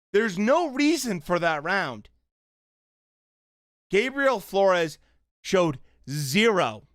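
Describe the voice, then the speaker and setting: A man's voice: high-pitched, no room sound, clean studio sound. Angry, profane young man reacting live. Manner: angry, profane, shouts bursts and trails off into mutters. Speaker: streamer reacting to a boxing fight.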